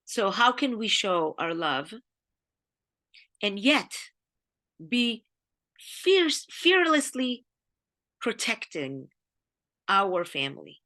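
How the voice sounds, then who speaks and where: A woman's voice: medium pitch, lively intonation, slow, pauses often, pushed and bright. A woman with an Israeli accent gives an earnest, grieving talk on the weekly Torah portion, speaking in short emphatic phrases. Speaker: Jewish teacher.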